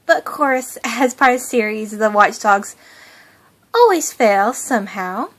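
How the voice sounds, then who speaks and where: A young woman talks about a cartoon in a casual, gushing voice that keeps breaking into giggles. Her voice sits a little high. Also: expressive, measured pace, a bit bright. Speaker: fan channel host.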